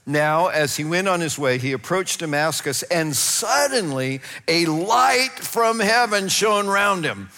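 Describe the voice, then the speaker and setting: Male pastor, fairly high voice, storytelling sermon in a reverberant hall. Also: measured pace, hardly any pauses. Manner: animated storytelling with laughs and acted-out voices.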